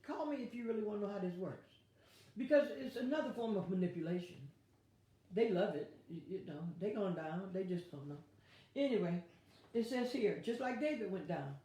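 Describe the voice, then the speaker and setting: Woman pastor, animated Bible study, playful asides, lively swooping pitch, very echoey room. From United States.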